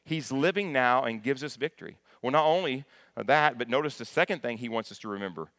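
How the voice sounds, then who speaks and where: A man delivering a sermon to a congregation. His teaching is conversational and full of restarts and questions to the listeners. His voice climbs to loud, emphatic moments. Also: mid-range voice, animated, quick pace, no room sound, clean studio sound. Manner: rises to loud emphatic peaks. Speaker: pastor.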